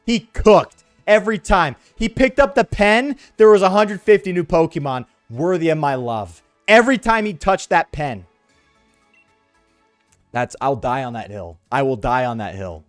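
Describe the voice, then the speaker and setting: Lively high-voiced man ranting while gaming. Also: normal speed, no room sound, soft background music. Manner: animated, slangy, ranting. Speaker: streamer. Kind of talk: casual live-stream chat while gaming.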